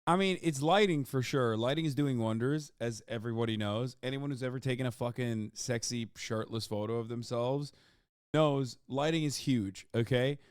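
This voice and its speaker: A man streaming a video reaction, joking loudly with profanity as he talks to his chat. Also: medium pitch, normal speed, clear, resonant tone, no room sound, studio quality. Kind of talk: casual livestream reaction talk.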